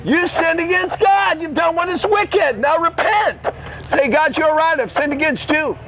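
An older man preaching in the open air, fervent and scolding, often shouting at his listeners. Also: very high-pitched, measured pace, slight background noise, rough recording. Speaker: street preacher. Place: city street outdoors.

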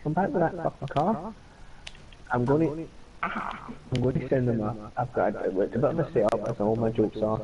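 A man's voice: medium pitch, moderate pace, distant mic, lo-fi sound, a little hiss or hum. Man telling a sweary story. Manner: animated, swearing, laughing storyteller. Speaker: streamer. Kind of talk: casual gaming chat.

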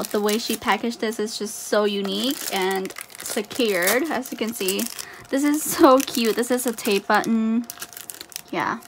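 A woman's voice: a little high, slight background noise. A woman talking casually while unboxing a haul for her channel, gushing with exclamations and fillers. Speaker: YouTuber unboxing a photocard haul.

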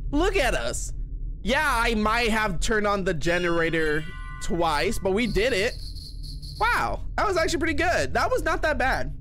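High, lively male game streamer. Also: measured pace, faint music behind. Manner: excitable, chats with viewers. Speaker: streamer playing a horror game. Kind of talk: live gameplay commentary.

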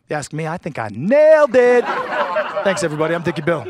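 High-voiced man doing stand-up. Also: very animated, fairly quick, noisy background. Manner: punchy joke delivery, acts out silly voices. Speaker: stand-up comedian. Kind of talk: stand-up comedy set. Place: stage before a live audience.

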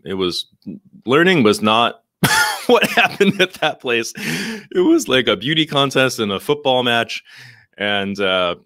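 A man's voice: lowish voice, fairly bright tone, no echo, clean studio sound. A man, a guest on a live talk show, talking reflectively in casual conversation with many restarts.

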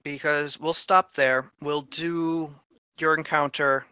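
A man's voice: a little high, steady tone, takes it slowly, bright, forceful tone, smooth, no room sound, muffled recording. A man running a tabletop game as game master, in a laid-back, matter-of-fact way.

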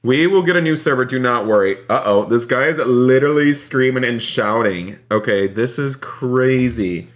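A man live-streaming a role-play game, excitable, talking straight to his chat. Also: medium pitch, normal speed, few pauses. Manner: excitable, keeps addressing the chat as "you guys".

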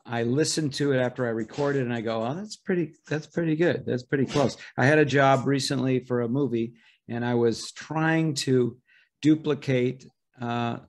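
A middle-aged man with a mid-range voice sits for a podcast interview. He explains how he works in a measured, thoughtful way, trailing off and restarting as he builds his answers. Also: medium pitch. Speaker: voice impressionist guest.

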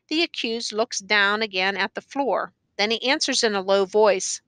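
A woman narrating a novel aloud in a calm, plain storytelling manner. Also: mid-range voice, moderate pace, no echo. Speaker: audiobook reader.

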